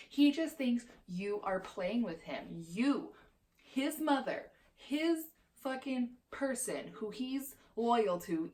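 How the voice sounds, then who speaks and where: A woman in her twenties ranting as a vlogger, heated and profane, swearing constantly. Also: medium pitch. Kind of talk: heated opinion rant.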